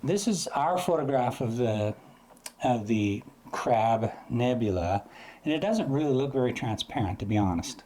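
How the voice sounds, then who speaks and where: In an animated, dark-toned voice of medium pitch and moderate pace, a man walks through astrophotography in a casual lesson. He keeps it loose and chatty and sometimes makes sounds to drive a point home.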